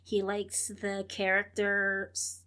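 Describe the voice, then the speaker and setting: A woman's voice: mid-range voice, monotone, slow, bright, forceful tone. A woman in her thirties, a guest in an interview, telling her story in an earnest, rambling way and acting out what she and others said. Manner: earnest, rambling, quotes herself and others in dialogue. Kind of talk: conversational interview.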